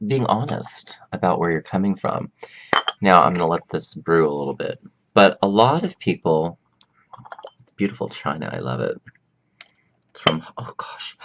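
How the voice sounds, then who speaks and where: A man with a fairly low voice talks slowly and easily, rambling in a casual monologue. He jumps between thoughts, drifts off topic and keeps tossing in exclamations. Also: dull audio. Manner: chatty and exclamatory, drifts off topic mid-sentence. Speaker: vlog host and counselor.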